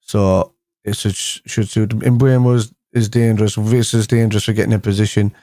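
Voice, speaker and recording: A man's voice: fairly low pitch, level tone, normal speed, warm tone, no room sound, clean studio sound. A man hosting a casual fan live stream, rambling with frequent restarts as he reads out viewer comments. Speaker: fan show host.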